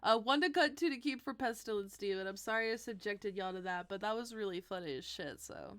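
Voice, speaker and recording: A woman's voice: medium pitch, fairly quick, fairly bright tone, dry recording. A young woman streaming to her viewers in a bubbly, giggly casual chat.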